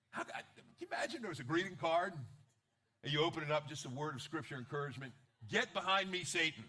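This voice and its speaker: A man preaching a sermon, his voice bright and forceful. He is animated, acts out the lines he quotes and jokes with his listeners. He drops to near-whispered asides, then breaks into loud bursts. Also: medium pitch. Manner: wide swings from quiet asides to loud bursts. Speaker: pastor.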